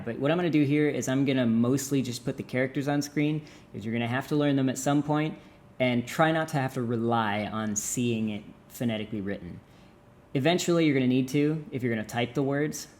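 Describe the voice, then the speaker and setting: A man's voice: medium pitch, darkish tone. A young man giving a jokey language lesson with playful, exaggerated demonstrations. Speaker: language teacher.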